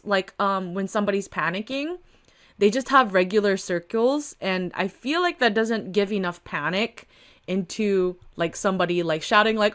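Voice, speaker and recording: Young woman, giggly and chatty, lots of likes and ums, reading a comic out loud. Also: mid-range voice, expressive, normal speed. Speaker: webtoon reader and commentator. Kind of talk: casual read-along commentary.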